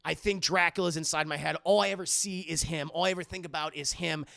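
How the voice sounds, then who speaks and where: A man's voice: on the high side, steady tone, fast, gravelly, bright, forceful tone, dry recording, studio quality. A man voicing a young woman under a vampire's spell, drifting and dreamy at times and frightened at others, in a comic retelling. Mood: scared. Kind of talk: comic retelling of a film scene.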